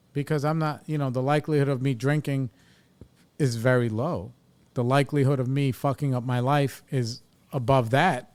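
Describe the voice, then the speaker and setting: His voice is medium-pitched, a little mellow, clear, and resonant. He is a podcast host in his forties in recovery, talking candidly in a casual way, blunt and reflective, swearing freely as he processes his thoughts.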